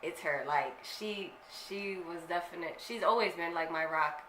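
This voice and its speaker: A woman's voice: on the low side, a bit bright. A young woman vlogger telling a personal story to her viewers in a candid, slangy way, swearing freely. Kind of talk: casual storytelling to camera. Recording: echoey room with faint noise.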